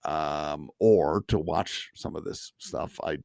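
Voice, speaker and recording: A low, gravelly male voice drifts through relaxed podcast chat. He stops and restarts his thoughts often and lets out the odd chuckle. The sound is close and dry, with no room around it. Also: no room sound. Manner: halting, many restarts, chuckling. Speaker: podcast co-host. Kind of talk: casual chat.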